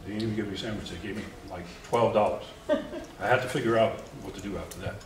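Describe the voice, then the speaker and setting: Older American man, guest speaker, low voice, joking storyteller; distant mic in a reverberant room. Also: fast, slight background noise. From United States. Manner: lively, humorous anecdotes with chuckles and restarts. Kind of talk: storytelling talk at a forum. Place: lecture hall.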